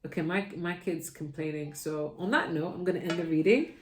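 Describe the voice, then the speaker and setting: Chatty woman tarot reader, low voice. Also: fairly quick, darkish tone, roomy sound, a little hiss or hum. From United Kingdom. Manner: chatty, repeats "okay?" often. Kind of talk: casual tarot reading.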